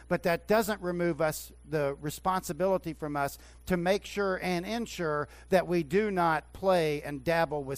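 A male pastor delivers a sermon from the pulpit, his slightly high voice dropping low and then rising into loud, emphatic runs. The recording is close and dry. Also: dry recording. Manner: swings from hushed to loud emphatic preaching. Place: church sanctuary.

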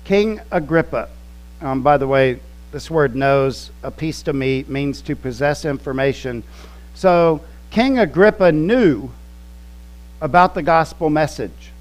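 Guy preaching real slow and deliberate, kinda higher voice, faint hum behind. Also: lively intonation, rough recording. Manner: slow, emphatic teaching with quoted scripture and word studies. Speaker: pastor. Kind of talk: sermon.

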